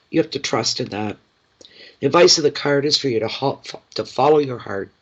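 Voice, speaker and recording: A man giving a tarot card reading to his viewers, speaking in a gentle, reassuring and heartfelt way. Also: mid-range voice, husky, dull audio. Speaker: tarot reader.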